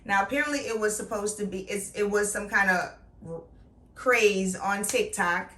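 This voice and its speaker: Middle-aged woman vlogger, playful and punchy, bright tone, roomy sound. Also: medium pitch, moderate pace, recorded from a distance. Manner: chatty, playful and emphatic. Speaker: beauty vlogger. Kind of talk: casual product review. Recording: echoey room, voice off-mic.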